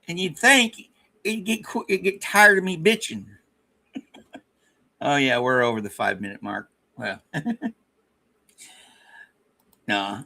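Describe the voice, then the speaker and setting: A man's voice: fairly high pitch, vocal fry, pushed and bright. A man hosting a casual livestream, rambling and joking at his own expense with frequent stammered restarts. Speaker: livestream host.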